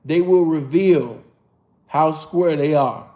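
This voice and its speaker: A man hosting a livestream, reacting to clips in casual, streetwise slang with a preachy, drawn-out way of stressing his points. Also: fairly high pitch, mellow.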